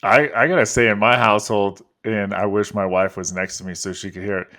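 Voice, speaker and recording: A man hosting a podcast in casual conversation, excitable and swearing freely. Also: on the low side, a little fast. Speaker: podcast host.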